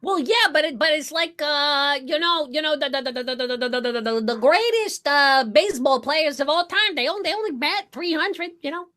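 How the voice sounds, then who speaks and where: A man's voice: extremely high pitch, normal speed, few pauses, pushed and bright. A man playing a cocky, dim rich husband with fake airs, who rambles and stammers through improvised murder-mystery comedy. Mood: boastful.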